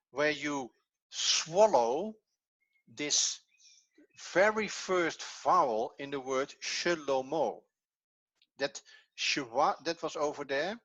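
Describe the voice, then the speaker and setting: A man explaining a Hebrew grammar point slowly and carefully, as if over a video call. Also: a little high, a bit bright, dry recording, highs cut off. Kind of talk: online language lesson.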